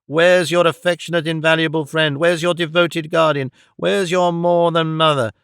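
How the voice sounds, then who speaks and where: A man's voice: on the high side, fairly even intonation, gravelly, a bit bright, smooth, no echo, studio quality. A man reading an audiobook voices a frail old man whose trembling voice turns fierce and indignant. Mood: indignant scolding. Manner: slow, earnest, protesting.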